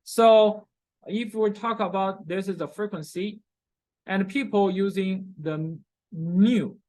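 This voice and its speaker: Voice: medium pitch, slow pace, darkish tone, rough recording. Lecturer repeating terms with "okay?" checks. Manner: non-native grammar. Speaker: chemistry lecturer. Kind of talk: classroom lecture. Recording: recorded classroom lecture.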